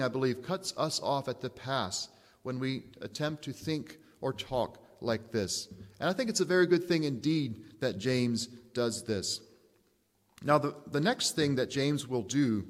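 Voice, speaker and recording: A man delivers a sermon at an unhurried, deliberate pace. He leans on emphasis and rhetorical questions, and his voice rings out with the long reverb of a hall. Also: medium pitch. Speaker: preacher.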